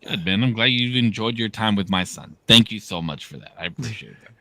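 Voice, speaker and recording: A man's voice: on the low side, brisk, no echo. A man in his thirties, co-hosting a podcast and telling stories in casual, slangy, profane chat. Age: 30s. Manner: animated storyteller, slangy and profane. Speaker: podcast co-host.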